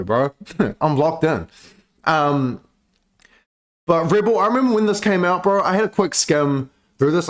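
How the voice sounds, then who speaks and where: A man giving casual, profane reaction commentary on music, chatty and laid-back with lots of filler words. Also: medium pitch.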